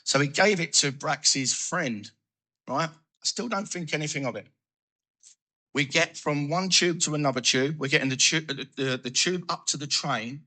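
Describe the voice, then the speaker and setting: Man, recovery share, animated storyteller, sharp bright tone. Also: on the high side, normal speed. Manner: animated storytelling, acting out his own thoughts. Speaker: recovery speaker. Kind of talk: personal recovery testimony.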